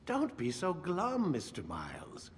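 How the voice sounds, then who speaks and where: An actor playing a cold, commanding middle-aged scientist who holds a prisoner, talking curtly and with contempt. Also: male voice, fairly high pitch, huge pitch swings, a little slow, big-room sound, slight background noise. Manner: curt, commanding, sneering.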